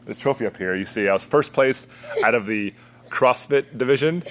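A man's voice: mid-range voice, normal speed, a bit bright. A young adult man, a guest coach, telling stories in a rambling casual way and laughing often. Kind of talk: casual chat.

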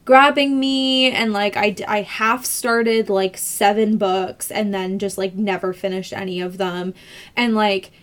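A woman's voice: medium pitch, fairly even intonation, measured pace. Chatty woman podcast co-host. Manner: chatty, lots of "like" fillers and restarts. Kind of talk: casual chat.

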